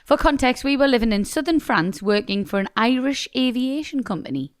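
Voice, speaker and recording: A woman's voice: on the high side, expressive, fairly quick. A woman co-hosting a podcast, chatting casually, reading out a listener letter and laughing as she goes. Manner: giggly, teasing. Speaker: podcast co-host.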